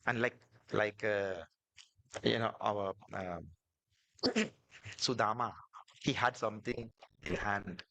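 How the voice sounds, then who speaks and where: A swami, a man, telling devotional stories in a sermon, animated and repetitive, building emphasis as he goes. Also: fairly low pitch, slow, vocal fry, pauses often, no room sound. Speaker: swami, spiritual teacher.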